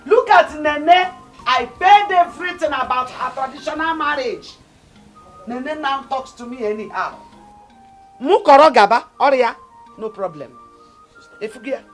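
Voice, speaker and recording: A bitter, indignant sister. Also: female voice, sits high. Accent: Nigerian. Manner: indignant, shouting and crying. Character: aggrieved proud sister in family quarrel. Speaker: sister-in-law. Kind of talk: Nollywood film acting.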